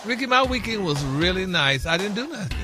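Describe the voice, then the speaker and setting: Lively high-voiced radio man. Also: fairly quick, over music. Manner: animated, stumbling over a word, laughing. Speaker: radio show regular doing a word segment. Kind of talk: comedic radio banter.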